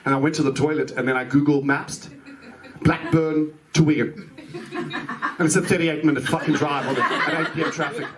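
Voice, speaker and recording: A man's voice: fairly high pitch, steady tone, moderate pace. A South African man doing a chatty stand-up set, telling a story and acting out the people in it. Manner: chatty storytelling, puts on voices for people he quotes. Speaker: stand-up comedian. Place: comedy club stage with a laughing audience. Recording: live club recording with loud crowd laughter.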